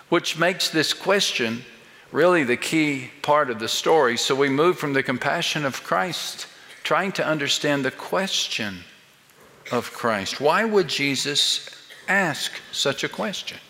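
An older man delivers a sermon in a bright, forceful voice, driving home his point with pointed rhetorical questions. His slow, deliberate preaching rings out with a long reverb, as in a large church sanctuary. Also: fairly high pitch, lively intonation. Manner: emphatic, building rhetorical questions. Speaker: pastor.

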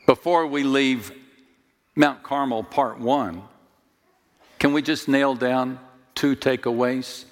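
Slow, dramatic man preaching in a hall. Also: mid-range voice, steady tone. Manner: dramatic storytelling with jokes and direct appeals. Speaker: pastor. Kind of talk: sermon.

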